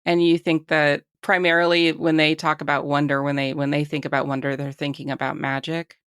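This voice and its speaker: A woman's voice: deep voice, level tone, brisk, fairly bright tone, smooth, no echo, clean studio sound. A woman hosting a podcast, asking friendly questions in a casual interview.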